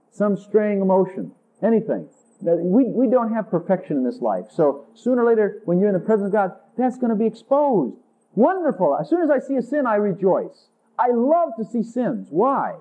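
With big pitch swings, a mellow tone, and a moderate pace, a man delivers an intimate sermon. He plays out conversations with Jesus in a higher voice, captured in tinny, phone-like audio.

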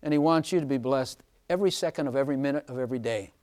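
A man preaching an informal sermon, chatty and often laughing, slowing down to stress scripture lines. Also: medium pitch, a little mellow.

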